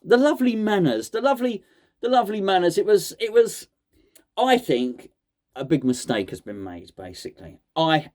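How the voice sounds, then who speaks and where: A man's voice: sits high, sing-song, moderate pace, darkish tone. A man hosting a casual chat, mock-serious and joking, often stumbling and repeating words. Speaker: host.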